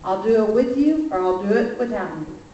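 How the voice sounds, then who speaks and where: A woman giving a lively, emphatic sermon testimony, telling a personal story in a church. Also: mid-range voice, fairly quick, slight background noise. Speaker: speaker. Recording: far-off echoey church hall, muffled.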